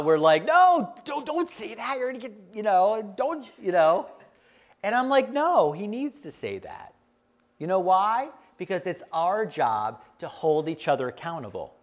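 A middle-aged man preaching a sermon as the pastor, speaking conversationally and asking the congregation questions. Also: on the high side.

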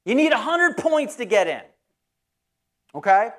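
A preacher acting out a saintly gatekeeper in a joke, patient and matter-of-fact. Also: male voice, very high voice, very animated, measured pace, fairly bright tone, heavily acted. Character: calm kindly male gatekeeper saint.

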